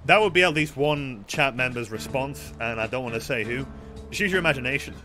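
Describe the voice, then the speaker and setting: Over soft background music, a young guy narrates his gameplay in a let's-play style, cursing a lot, joking around and voicing the game's text. His pitch is medium and his tone sharp, delivered in an animated, fairly quick way.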